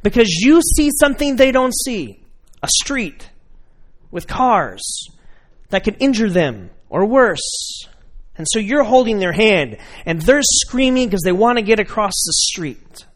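A man's voice: high voice, very animated, a little slow. A man preaching a sermon in a conversational way, addressing his listeners directly and acting out everyday scenes. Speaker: pastor.

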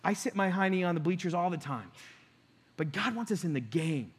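A man's voice: high voice, expressive, brisk, slightly rough. A middle-aged man preaching to his church, telling a personal story in an earnest way and acting out his conversations with God. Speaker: pastor.

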